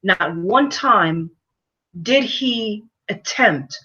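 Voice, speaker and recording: A woman vlogger talks straight to her viewers in an emphatic, lecturing way, stumbling over fillers and repeating her words as she works out her point. Her voice sits at an ordinary middle pitch. The home recording sounds dull and lo-fi. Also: animated, extremely slow, pushed and bright. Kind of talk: opinion commentary to camera.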